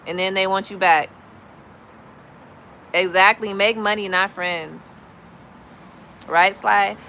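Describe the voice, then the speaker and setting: A woman from Chicago tells blunt, gossipy stories to her livestream chat in a bright, forceful voice. Her delivery is animated and casual, speaking into a phone mic with faint outdoor traffic noise behind her. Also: medium pitch, slow, creaky, low-quality recording. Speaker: livestream host. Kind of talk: casual storytelling to live chat.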